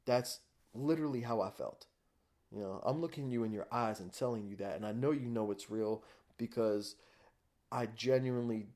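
A man's voice: medium pitch, normal speed, a little mellow. A man, a podcast guest, telling his personal story in a candid, raw way, often swearing.

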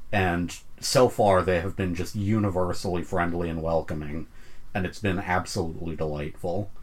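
A man's voice: sits low, a little mellow. A man guesting on a podcast as a toy designer, talking in an enthusiastic, upbeat casual way. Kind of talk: casual chat.

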